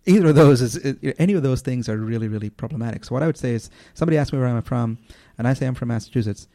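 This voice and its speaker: This is a man giving a reflective radio interview, his voice gravelly and mellow. He explains his ideas patiently, slowing down and pausing to find the right words. The recording is close and dry, as from a studio microphone. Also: mid-range voice, no echo. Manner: thoughtful, explanatory, measured with frequent pauses. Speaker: interview guest, former public speaking teacher.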